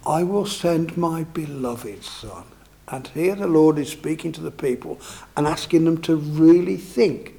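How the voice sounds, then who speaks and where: A man's voice: fairly high pitch, unhurried, vocal fry, warm tone. A man preaching a sermon, expounding scripture in a conversational way and often asking his listeners tag questions.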